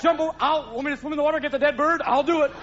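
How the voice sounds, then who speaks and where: A man voicing an eager, people-pleasing male dog in a breathless, high voice. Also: very fast, background noise. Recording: lo-fi live stage recording with crowd.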